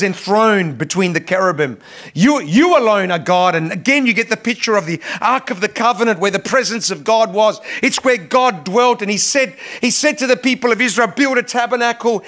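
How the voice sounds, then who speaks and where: A male pastor preaching a sermon with passion, repeating words and pushing his voice up on key phrases. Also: fairly bright tone. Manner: impassioned, rising in pitch on emphasis, frequent repetitions.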